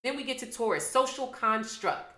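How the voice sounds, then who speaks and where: A woman's voice: a little high, lively intonation, moderate pace, bright, forceful tone, reverberant. A woman astrology reader, delivering an impassioned, preachy livestream monologue full of rhetorical questions. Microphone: camera mic on a livestream.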